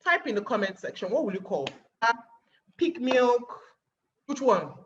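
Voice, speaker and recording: A woman's voice: fairly high pitch, very animated, a little slow, muffled recording, slight background noise. A woman with a Nigerian accent giving a webinar talk as guest speaker, acting out little scenes and firing rhetorical questions.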